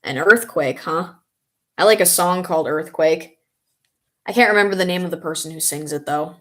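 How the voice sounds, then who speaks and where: Reading out comments and replying to them, a young woman rambles casually, pausing occasionally to remember names. She speaks at a moderate pace in a fairly low voice, with a little hiss or hum in the background.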